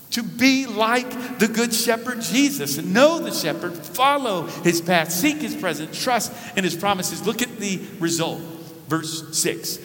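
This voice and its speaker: Male pastor, high bright voice, earnest emphatic sermon delivery, recorded in a reverberant church hall. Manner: earnest, emphatic preaching with repeated restarts. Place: church sanctuary. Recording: preached in a large hall with long reverb.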